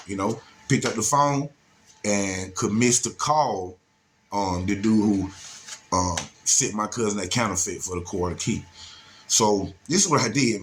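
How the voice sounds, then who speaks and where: A man's voice: lowish voice, fairly bright tone, a little hiss or hum. A man casually telling a story, laid-back and slangy, with many asides.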